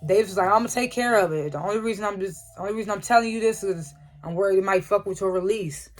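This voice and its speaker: Casual TV recapper: chuckly, profane, rattles off quoted dialogue scene by scene. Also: mid-range voice. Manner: chuckles often while retelling scenes; acts out characters' lines in quick quotes. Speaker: TV episode reviewer.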